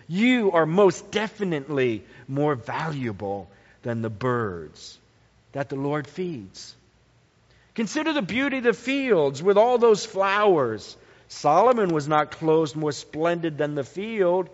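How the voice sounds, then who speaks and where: Slow, emphatic preaching man in a hall. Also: animated. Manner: slow, emphatic preaching with sweeping pitch swings. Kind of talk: sermon. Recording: dull lo-fi sound in a reverberant hall.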